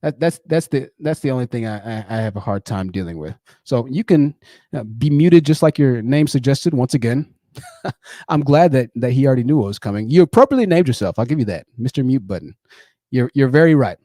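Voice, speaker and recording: A man's voice: mid-range voice, lively intonation, fairly quick, mellow, no echo, studio quality. A man hosting a live-streamed call-in show, combative and sarcastic, often repeating phrases for emphasis. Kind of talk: live stream commentary with callers.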